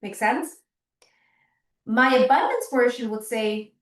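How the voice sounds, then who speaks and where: A woman's voice: on the high side, normal speed. A woman chiropractor leading a workshop, talking earnestly and often checking in with her listeners. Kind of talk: workshop teaching talk. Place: indoor workshop room. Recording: roomy sound, mic at a distance.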